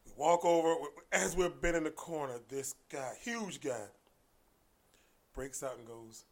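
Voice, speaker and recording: A man spinning stories as a podcast guest in relaxed conversation. His voice sits a touch high, and he drops to hushed asides before bursting out loud again. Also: unhurried. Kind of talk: casual storytelling in conversation.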